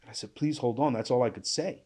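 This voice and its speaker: A man giving an emotional personal account as a panel guest, halting and subdued, with restarts and trailing pauses. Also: mid-range voice, a little mellow. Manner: subdued, intense storytelling. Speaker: panel guest recounting survival.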